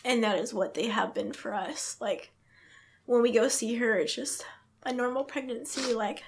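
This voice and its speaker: A woman's voice: on the high side, normal speed, slight background noise. A young pregnant woman telling a heartfelt personal faith story as a podcast guest, acting out the words of others as she goes. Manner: earnest, reenacts her own thoughts and others' words. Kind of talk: emotional personal testimony.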